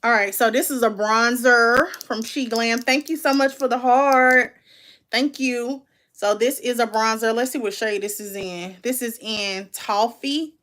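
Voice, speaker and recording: A woman's voice: fairly high pitch, measured pace, fairly bright tone. A woman, chatting casually and candidly as she unboxes and reviews makeup, calling her viewers "baby" and "y'all". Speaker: beauty vlogger.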